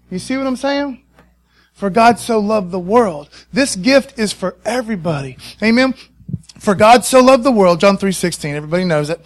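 A man with a high-sitting voice delivers a sermon in an excited, conversational style, repeatedly calling out to the congregation for a response.

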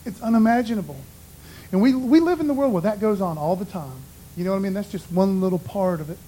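A man's voice: high voice, a little mellow, low-quality recording. A man giving an informal, conversational sermon in a folksy way, often dropping "man" and "you know". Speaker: preacher.

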